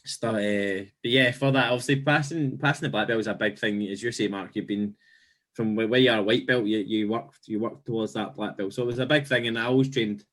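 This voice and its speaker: A man with a fairly low voice, chatting on a casual podcast. He reminisces steadily and thoughtfully, often restarting his phrases mid-thought. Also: a little fast. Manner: steady, reflective, with frequent restarts. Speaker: podcast co-host.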